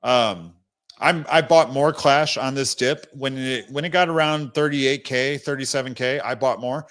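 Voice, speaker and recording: A man's voice: medium pitch, a little slow, a bit bright. A young man hosting a casual crypto livestream, talking bluntly and rambling with many restarts, fighting the hiccups and short of breath.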